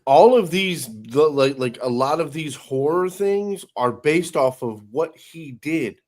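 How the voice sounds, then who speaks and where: A man's voice: on the high side, animated, unhurried, a little mellow. A man co-hosting a podcast in casual chat, swearing freely and rambling with lots of restarts. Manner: profane, rambling with many restarts. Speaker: podcast co-host.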